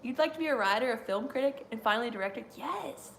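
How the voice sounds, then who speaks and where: A woman's voice: on the high side, expressive, fast, a little hiss or hum. A young woman hosting a live stream, rambling casually with lots of fillers and frequent laughter.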